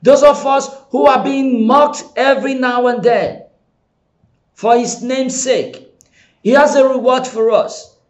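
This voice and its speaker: A middle-aged man preaching a sermon in a strikingly high voice. He speaks slowly and deliberately. His delivery is impassioned, moving from hushed pleading to loud cries. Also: steady tone. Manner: impassioned preaching, swinging from soft pleading to shouting. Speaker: pastor.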